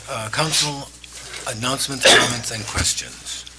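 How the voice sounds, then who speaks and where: A man presiding over a town council meeting, speaking emotionally with many pauses and fillers as he gives farewell thanks. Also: mid-range voice, crowd noise. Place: town hall council chamber. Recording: noisy meeting room recording.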